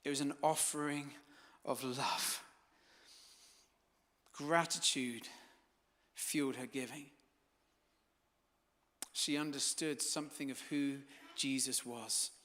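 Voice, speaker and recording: A man's voice: medium pitch, steady tone, slow, pauses often, bright, forceful tone, in a large hall. A man preaching a sermon as pastor, telling stories dramatically and building to fervent peaks. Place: church hall.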